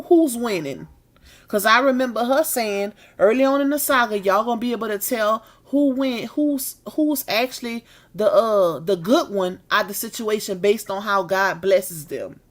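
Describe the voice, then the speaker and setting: A worn-out woman closes her live stream in loose, chatty talk, tossing out y'all and baby as she goes. Her voice sits at an ordinary middle pitch, and now and then she yawns. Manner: chatty, drawn-out Southern-style slang with y'all and baby. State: tired and yawning. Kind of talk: casual live-stream chat.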